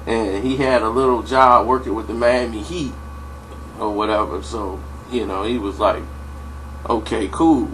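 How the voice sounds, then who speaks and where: A man's voice: lowish voice, fairly even intonation, normal speed, a bit bright, slight background noise, low-quality recording. A man casually telling a story in a slangy style, full of "you know" and "like". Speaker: vlogger.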